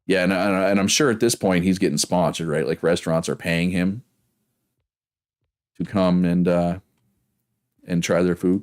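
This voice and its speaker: Pei guy with a real low voice, rambly stream chat, talks to chat while he plays. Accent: Prince Edward Island. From Prince Edward Island, Canada. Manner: rambling, chatty, reads chat aloud. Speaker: game streamer. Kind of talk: casual live-stream chat.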